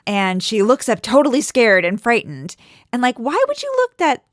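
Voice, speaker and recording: A woman's voice: a little high, moderate pace, no room sound, clean studio sound. A woman co-hosting a podcast, chatting casually and animatedly, often acting out what others said. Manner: animated, acts out quotes. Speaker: podcast co-host. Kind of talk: casual chat.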